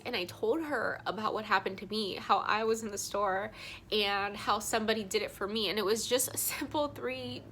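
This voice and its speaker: A woman's voice: mid-range voice, normal speed, a bit bright, a little hiss or hum. A young woman vlogger tells a personal story in a heartfelt, emotional way, crying as she talks, full of ums and likes.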